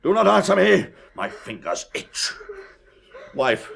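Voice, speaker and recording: Tyrannical older lord, shouting tirades, high and lively for radio drama. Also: male voice, slow, gravelly, a little hiss or hum, full character voice. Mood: furious. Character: older male nobleman, hot-tempered domineering father. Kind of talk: 1970s radio drama acting.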